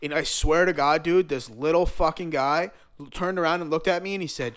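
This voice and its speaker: A man's voice: fairly high pitch, moderate pace, smooth. Profane, rambling storytelling man. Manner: rambling, profane, animated storyteller full of slang. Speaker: podcast guest telling a road-trip story. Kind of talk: casual storytelling chat.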